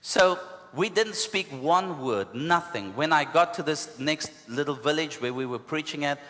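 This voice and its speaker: A man with a South African accent, a pastor telling a story in an animated sermon, punctuated with hallelujahs and asides. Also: a little high, measured pace. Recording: long hall reverb.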